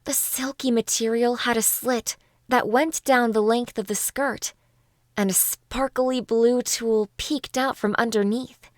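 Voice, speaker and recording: A woman narrating a first-person audiobook in a calm, even storytelling manner. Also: a little high, unhurried, no echo, studio quality.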